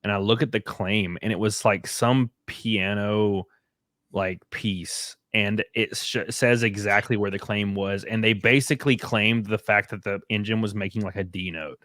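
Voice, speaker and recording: A man's voice: fairly low pitch, fairly even intonation, moderate pace, fairly bright tone, no echo, studio quality. A man from the American South with a Southern US accent, telling stories easily as a panelist in a casual chat.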